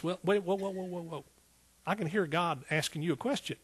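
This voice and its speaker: Male preacher, sermon delivery, a bit high and husky, emphatic and rousing, casual with the congregation. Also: a little fast. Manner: rises to emphatic exclaiming peaks; Southern "y'all" speech.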